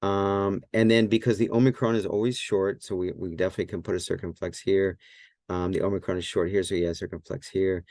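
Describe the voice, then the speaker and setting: Low-voiced guy teaching at a whiteboard, lots of ums and self-corrections, dry close mic. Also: level tone, fairly quick, a little mellow, dry recording. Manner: thinks aloud, many fillers and self-corrections. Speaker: Greek teacher. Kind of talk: casual whiteboard lesson.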